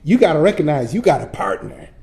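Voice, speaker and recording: Animated high-voiced storytelling pastor. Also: male voice, fast talker. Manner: animated, folksy preacher who acts out his stories. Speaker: pastor teaching Sunday school. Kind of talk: storytelling sermon-style lesson.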